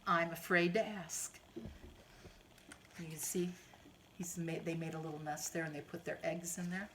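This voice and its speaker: A woman gently reading a picture book aloud to small children, in a sing-song way. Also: on the low side, steady tone, normal speed, a little hiss or hum. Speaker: children's storyteller.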